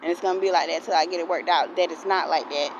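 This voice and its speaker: A woman's voice: fairly low pitch, fairly even intonation, fast talker, lo-fi sound, noisy background. A young woman, ranting heatedly in a storytime vlog, swearing often and repeating herself. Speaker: vlogger. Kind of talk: angry storytime rant.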